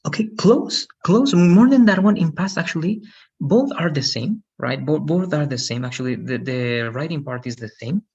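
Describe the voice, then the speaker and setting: A man's voice: on the high side, expressive, moderate pace, a little mellow, highs cut off, slight background noise. A man teaching an English lesson on a video call, patient and often checking in with "right?".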